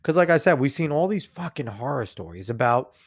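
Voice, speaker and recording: A man's voice: medium pitch, sing-song, a little fast. A man hosting a podcast, giving blunt, profane, casual commentary on a news clip he plays for listeners. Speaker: podcast host.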